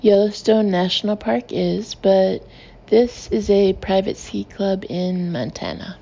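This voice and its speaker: A flirtatious British man who teases dryly, as a woman narrator reads him, in an unhurried, gravelly, mellow voice. The recording is a little dull, with a faint hiss behind it. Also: high voice, full character voice. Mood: teasing. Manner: dry, teasing banter.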